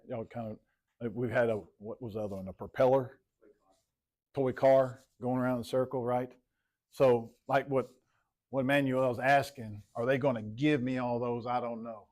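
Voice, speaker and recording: A man's voice: medium pitch, darkish tone. A man teaching a math class in a classroom, talking casually, calling on students by name and repeating himself. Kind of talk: classroom lecture.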